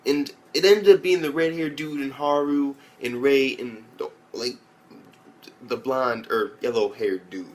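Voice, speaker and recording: A man's voice: mid-range voice, unhurried, darkish tone. Rambling, foul-mouthed young man. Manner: rambling, loose, swears a lot, mimics characters in raised voices. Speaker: anime reviewer. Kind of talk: casual profane recap.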